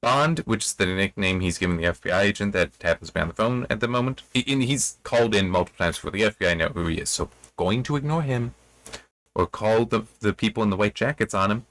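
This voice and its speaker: Low-voiced man rambling through a book review. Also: expressive, quick pace, a bit bright, dry recording. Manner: rambling, self-correcting asides. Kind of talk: reading aloud and commenting on a novel.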